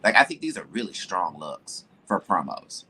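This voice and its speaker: A man's voice: sits low, very animated, normal speed, pushed and bright, a little hiss or hum. A man co-hosting a podcast, talking candidly and emphatically in casual chat, with side remarks. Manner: candid, emphatic, drops into asides. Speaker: podcast co-host. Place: home, with building noise nearby.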